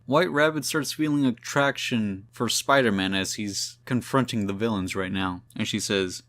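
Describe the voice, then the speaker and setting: A man's voice: on the low side, normal speed, few pauses, fairly bright tone, smooth. Laid-back man recapping comics. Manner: laid-back, slangy, addresses viewers. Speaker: comic book reviewer.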